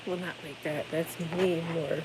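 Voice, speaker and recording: A woman's voice: low voice, steady tone, a little slow, heavy background noise. A woman in her thirties, a parent chatting casually on a livestream, tired after no sleep, rambling and swearing freely. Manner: rambling, swears freely, yells playfully to wake her kid.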